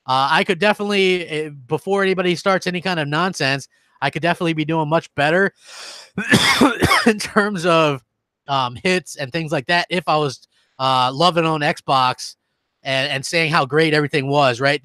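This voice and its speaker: A man's voice: a little high, normal speed, pushed and bright, dry recording. A man hosting a gaming stream who rants heatedly and reads out viewer comments. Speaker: gaming channel host. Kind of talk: live-stream rant.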